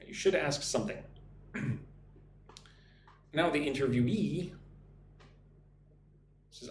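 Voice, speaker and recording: A man teaching English on a live stream, reading out viewer comments and drilling pronunciation slowly. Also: fairly high pitch, roomy sound, slight background noise.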